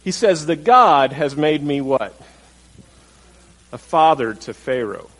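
Speaking slowly, this pastor has a slightly high, expressive, somewhat bright voice, captured on a rough recording. He keeps the sermon conversational, quizzing his congregation and performing the quotes of the story's characters.

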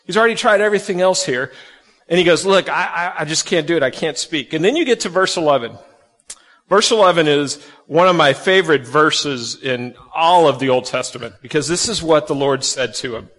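A man preaching a sermon to kids and families, folksy and animated, acting out the quotes he reads. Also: on the high side, fairly quick, long reverb tail. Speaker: pastor.

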